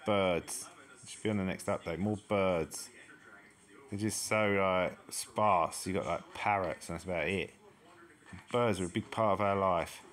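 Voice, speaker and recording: A man's voice: sits low, steady tone, unhurried, a bit bright. A man giving casual, chatty commentary as he explores a game map and exclaims at each new discovery. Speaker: gaming channel host. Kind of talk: casual let's-play commentary.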